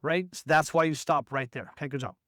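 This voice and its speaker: A man with a high voice running a basketball practice, recorded close and dry. He calls out drills and instructions and breaks into the shouts he wants his players to use on the court. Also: fairly even intonation, fairly quick, no room sound. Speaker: basketball coach. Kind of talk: coaching at practice.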